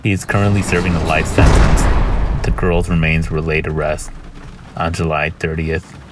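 A man giving measured, grave scripted horror narration. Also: rumbling low, little pitch movement, over loud music.

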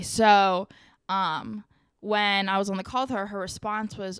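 A woman talks in a relaxed, chatty way, spinning personal stories with plenty of fillers and a lively lilt. Her voice is smooth and resonant, recorded close and dry with no room around it. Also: medium pitch, slow pace, dry recording. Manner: chatty, animated storytelling with frequent fillers. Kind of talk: casual chat.

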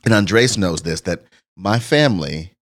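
Upbeat low-voiced podcast host. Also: male voice, expressive, a little slow. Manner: upbeat, laughs often. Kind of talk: casual podcast chat.

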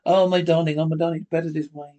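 A man's voice: on the high side, level tone, rapid-fire, mellow, highs cut off, lightly acted. A man reading the part of a nervous, secretive husband who keeps repeating himself anxiously. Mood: tense.

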